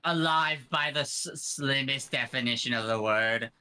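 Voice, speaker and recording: A player in a tabletop game, making macabre jokes in a lively way. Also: mid-range voice, normal speed, slight background noise. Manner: macabre joking, lively delivery. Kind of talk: casual tabletop game play.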